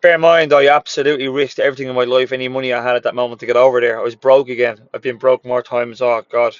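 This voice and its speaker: A man who owns a gym and once worked as a personal trainer tells his story in a blunt, motivational way, cursing freely and hammering points home through repetition. His pitch sits in a middling range for a man. The sound is somewhat dull and lo-fi, and very dry with no room around it. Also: level tone, quick pace, no room sound. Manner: candid, swears freely, repeats phrases for emphasis.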